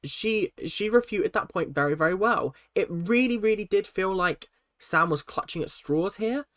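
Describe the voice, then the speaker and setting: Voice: medium pitch, animated, moderate pace, fairly bright tone, no echo. A vlogger, ranting in exasperation about a reality show and often stumbling over restarts, recorded close on a desk mic. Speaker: reaction vlogger.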